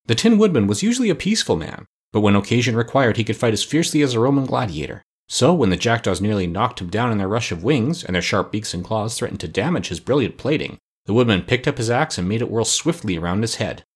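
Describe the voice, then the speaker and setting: A man with a low, husky voice reads a storybook aloud. His telling is expressive, swooping through a wide pitch range. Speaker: audiobook narrator. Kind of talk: scripted narration.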